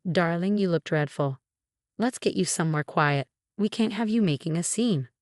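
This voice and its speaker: A woman voicing a cold, condescending older mother-in-law who talks smoothly and dismissively. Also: lowish voice, animated, normal speed, no room sound, studio quality, lightly acted.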